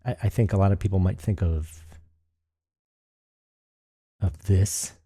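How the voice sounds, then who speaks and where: A man's voice: low-pitched, steady tone, a little slow, dark tone, husky, dry recording, studio quality. A man hosting a solo podcast, rambling and thinking aloud with frequent restarts. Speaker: podcast host.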